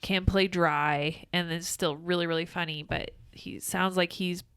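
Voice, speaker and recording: Woman, podcast co-host, casual chat, playful, quizzing, lowish voice, dry recording. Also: steady tone, a little slow, a bit bright, clean tone, no echo.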